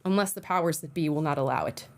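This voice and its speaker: A woman's voice: low voice, fast. Chatty young woman co-hosting a livestream. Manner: chatty, hedging with frequent "like" and "I don't know". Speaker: co-host of a live political talk show. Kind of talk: casual live-stream chat.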